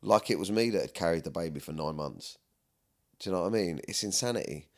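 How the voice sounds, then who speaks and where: A man's voice: sits low, lively intonation, fast talker. A man hosting a podcast, talking earnestly and at length in a rambling, candid way. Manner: rambling, earnest, often asks "do you know what I mean". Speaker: podcast host. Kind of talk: candid personal chat.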